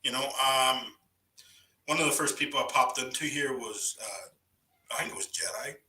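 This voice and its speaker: A rambling man spinning stories in a loose, casual chat, his voice bright and sharp-edged. He sits back from the mic, so he sounds distant in a roomy, echoing space. His sentences loop back on themselves, full of "you know" and "right". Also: mid-range voice, normal speed. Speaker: guest storyteller on a live voice chat.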